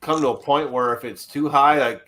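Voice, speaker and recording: A man's voice: mid-range voice, moderate pace, sharp tone. A man in his forties telling profane, laughing stories in a casual podcast chat. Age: 40s.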